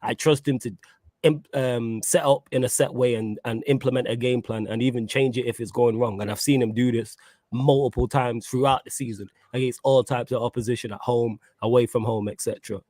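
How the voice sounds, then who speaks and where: Chill dude hosting a footy stream, dry close sound. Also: male voice, medium pitch, steady tone, brisk, a little mellow, dry recording. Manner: laid-back, laughs often, reads viewer comments. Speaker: host. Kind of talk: casual football chat with live chat.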